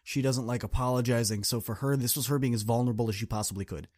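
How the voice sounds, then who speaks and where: A man tells a coaching story to his podcast listeners. He speaks in an earnest, direct, casual way at a middle pitch. A close mic captures him in a dry room. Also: fast talker, a little mellow, dry recording. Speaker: podcast host and student coach.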